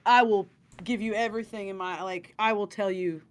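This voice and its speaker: A man's voice: sits high, steady tone, moderate pace, crowd noise. A man talking emphatically on a casual podcast panel. He rambles and repeats himself while making his points. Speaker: podcast co-host.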